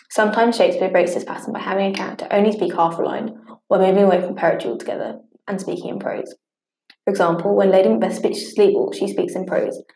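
A woman reading a scripted study lesson at a steady pace, sometimes stumbling and restarting on harder words. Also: medium pitch, vocal fry. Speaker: teacher. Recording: echoey room.

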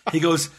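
A man co-hosting a podcast, telling a long story in a casual, animated way and acting out the dialogue. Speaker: podcast co-host.

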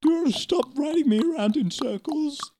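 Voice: high voice, lively intonation, brisk, warm tone, slight background noise, voice pushed up. A performer voicing a whiny male horse in an improv comedy sketch who keeps demanding his ropes be tied tighter.

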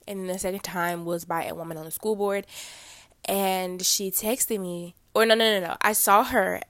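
A woman's voice: mid-range voice, fairly even intonation, moderate pace, a bit bright. A teenage girl hosting her own podcast, a little congested, talking casually with many fillers and self-corrections. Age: teens. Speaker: podcast host.

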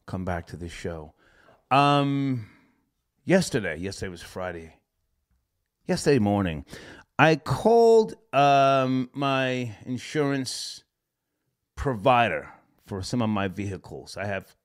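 On a call-in show, a low-voiced male host laughs his way through a meandering story, keeping it loose, lively, and full of profanity.

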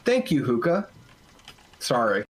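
A man's voice: mid-range voice, wildly swooping pitch, slow pace. A man co-hosting a casual podcast, rambling and swearing, a bit drunk. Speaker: podcast co-host.

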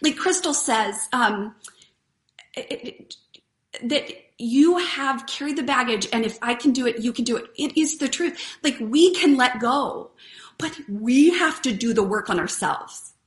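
A woman's voice: fairly high pitch, animated, unhurried. A woman hosting a live stream, giving a casual, earnest motivational talk and chatting with viewers. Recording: roomy echo.

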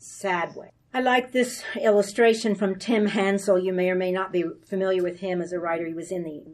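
A woman giving a sermon-style Bible teaching, earnest and confiding, with soft laughs between points. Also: medium pitch, distant mic.

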